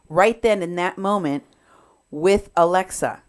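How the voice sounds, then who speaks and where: A woman hosting a talk show, retelling events with animated emphasis while commenting on audio clips. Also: mid-range voice, normal speed. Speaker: podcast host.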